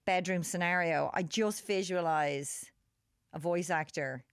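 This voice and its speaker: A woman's voice: fairly low pitch, a little slow, smooth, no echo. Irish woman, podcast host, casual chat, chatty restarts, dry close mic. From Ireland. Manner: chatty, laughing, trailing restarts.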